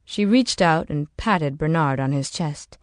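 Low-voiced woman narrating an audiobook. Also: animated, a little slow, dry recording, studio quality.

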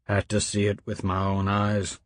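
A man voicing a grief-stricken old male priest who sniffles, mutters and then booms out scripture like a Sunday sermon. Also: lively intonation, takes it slowly. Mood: haunted, pleading. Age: older. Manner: sniffling, broken, swings to booming preaching.

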